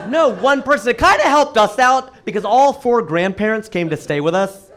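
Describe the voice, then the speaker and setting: A man doing a stand-up comedy set for a live audience, firing off quick punchlines with sudden leaps in pitch. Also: lively intonation, fairly bright tone, some chatter behind. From United States. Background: audience laughter.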